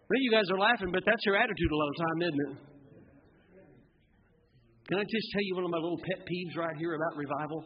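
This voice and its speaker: High-voiced fervent preacher man. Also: fast talker, pauses often, muffled recording. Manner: fervent, swings from hushed to shouting; asks the congregation rhetorical questions. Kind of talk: sermon. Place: church sanctuary.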